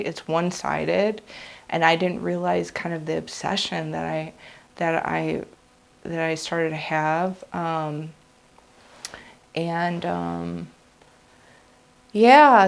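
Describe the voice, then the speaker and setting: Slow, gravelly-voiced woman sharing a testimony. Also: fairly low pitch. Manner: earnest, confessional, heartfelt. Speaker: vlogger sharing a religious testimony. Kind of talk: personal testimony, unscripted.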